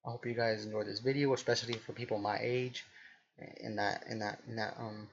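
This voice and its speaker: Gravelly young man rambling to viewers. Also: lowish voice, flat delivery, dull audio. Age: 20s. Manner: halting, many restarts and fillers. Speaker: vlogger. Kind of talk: rambling casual monologue to camera.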